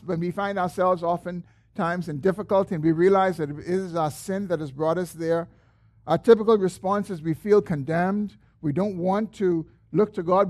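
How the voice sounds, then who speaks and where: Pastor guy preaching, pretty high voice, earnest, gets loud on the prayer bits then drops way down. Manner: earnest preaching that swells when quoting prayer. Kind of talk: sermon.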